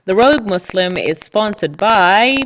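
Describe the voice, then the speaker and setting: A woman's voice: medium pitch, animated, unhurried, a bit bright, slight background noise, pitched above the performer's own voice. A woman voicing a mock radio sponsor announcer with an exaggerated announcer delivery and an odd put-on accent. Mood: showy.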